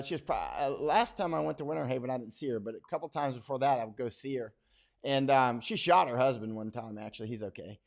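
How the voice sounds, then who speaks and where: Reading through viewer comments, this man, a war correspondent turned livestream host, keeps drifting into stories. His speech is folksy and blunt, peppered with asides and restarts, and his pitch is middling.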